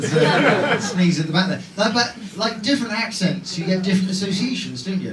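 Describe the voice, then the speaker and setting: High-voiced stand-up comedian from Dorset. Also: male voice, lively intonation, normal speed, few pauses. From Dorset, England. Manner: chatty, self-mocking, asks the crowd. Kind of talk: stand-up with crowd work. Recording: roomy comedy club from a distance, noisy.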